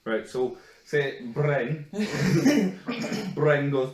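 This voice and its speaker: A man's voice: mid-range voice, big pitch swings, moderate pace, reverberant, recorded from a distance. A man bantering and cracking jokes in casual chat, swearing freely. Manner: jokey, profane banter.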